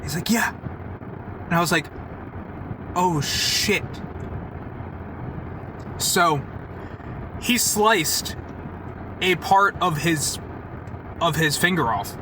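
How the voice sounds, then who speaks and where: A young man vlogs outdoors near traffic, telling a heated, profanity-filled story to a camera set down nearby. His voice is on the high side and he speaks slowly with long pauses, rambling casually and saying "like" a lot.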